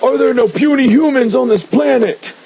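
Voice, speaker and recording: A man's voice: very high-pitched, moderate pace, muffled recording, noisy background, pitched above the performer's own voice. A man voicing a huge, confused green male brute who talks in broken, blunt phrases.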